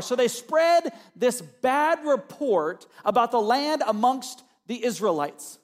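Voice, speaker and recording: A man preaching a sermon as pastor, moving between quiet, low reflection and loud, emphatic calls to the congregation. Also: sing-song, takes it slowly, hardly any pauses.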